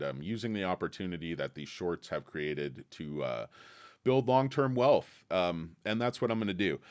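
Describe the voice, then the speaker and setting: Man, low voice, stock commentary rant, blunt, insulting, filler-heavy. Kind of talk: ranting market commentary.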